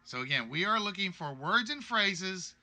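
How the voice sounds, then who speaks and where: A man's voice: sits high, big pitch swings, normal speed, pushed and bright. A man hosting a live-streamed game show, chatty and joking as he reads out players' guesses.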